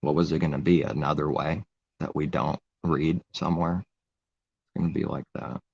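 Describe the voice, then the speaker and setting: Man, very deep voice, gravelly, rambling live-stream sermon, muffled lo-fi sound. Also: steady tone, moderate pace, a little mellow, no echo. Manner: rambling, conversational preaching. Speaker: preacher.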